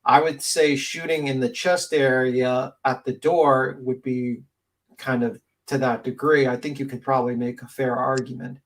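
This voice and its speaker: A man with a stuffed-up, sniffly nose hosting a casual panel discussion, reading definitions aloud with halting restarts. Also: medium pitch, little pitch movement, low-quality recording. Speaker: panel host.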